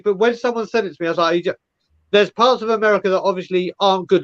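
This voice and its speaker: Rambling man with a high voice. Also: very fast, fairly bright tone, dry recording, lo-fi sound. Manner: rambling, repeats words, stumbling restarts. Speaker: podcast host. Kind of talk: casual chat.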